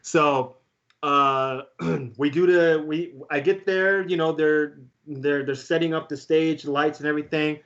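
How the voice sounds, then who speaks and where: A man, a guest, telling a story in a casual, excitable way and laughing often. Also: on the high side, unhurried, highs cut off. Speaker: guest beatboxer.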